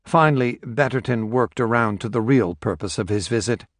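A man reading a story aloud as audiobook narrator in a steady, measured way. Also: mid-range voice, dry recording, studio quality. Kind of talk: scripted narration.

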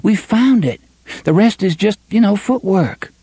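A fearless young woman speaks her mind in a blunt, folksy drawl, as a man plays her in a raised voice. Her voice is husky and lively in pitch. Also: unhurried, no echo, studio quality, exaggerated voice. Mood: defiant.

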